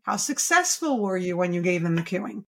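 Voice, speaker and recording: A woman's voice: on the low side, big pitch swings, normal speed, fairly bright tone. A woman speech therapist as a podcast guest, talking enthusiastically and emphatically, posing rhetorical questions as she explains. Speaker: pediatric speech-language pathologist guest. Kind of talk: podcast interview.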